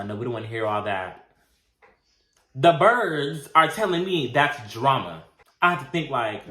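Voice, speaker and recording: A man's voice: mid-range voice, fairly bright tone. A young man vlogger telling a storytime tale in a casual, slangy way, talking straight to his viewers. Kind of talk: storytime vlog. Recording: roomy echo.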